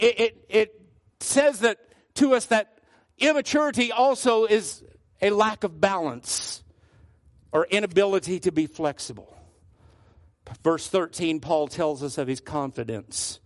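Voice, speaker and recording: A male pastor delivers a sermon in a high, earnest voice, sinking low on the words he wants to stress. The recording is dry and close, with no room echo. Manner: earnest, varies pitch widely, drops low for emphasis.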